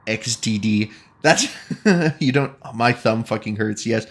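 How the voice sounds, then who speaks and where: A man's voice: medium pitch, animated, unhurried. A man streaming a video game, chatting casually and joking with his viewers, often breaking into laughter. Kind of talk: casual gaming commentary.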